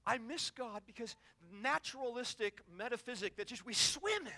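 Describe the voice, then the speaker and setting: The recording is dry, capturing a middle-aged man's extremely high-pitched voice at normal speed with hardly any pauses. He preaches an impassioned sermon at a conference hall, telling stories and acting out the cries in them.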